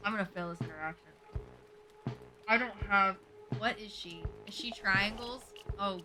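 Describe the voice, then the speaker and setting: A young adult woman streaming a video game, chatting casually to herself and her viewers, excitable and quick to swear. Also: medium pitch. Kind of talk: casual gameplay commentary. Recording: game music playing behind.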